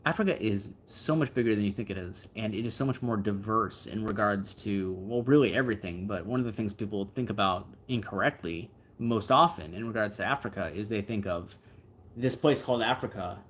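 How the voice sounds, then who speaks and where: A relaxed man hosts a livestream and chats loosely with his viewers. His voice sits a little low, and he rambles along with plenty of fillers and asides. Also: brisk. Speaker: livestream host. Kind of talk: casual livestream chat, answering viewer comments.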